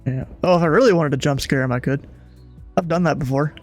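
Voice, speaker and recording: A man's voice: fairly high pitch, fast talker, a little mellow, faint music behind. A young American man from Kentucky who streams, chatting casually and laughing a lot, and slipping into clipped radio calls as a flight controller. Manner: laughs often, casual slang. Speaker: streamer playing air traffic controller.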